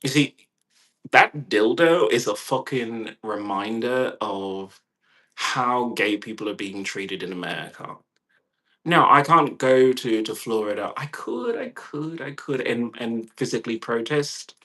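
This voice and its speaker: Brief: male vlogger, mid-pitched voice, profane and insistent monologue with lots of repetition. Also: unhurried, sharp tone. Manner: emphatic, repetitive, heavy swearing.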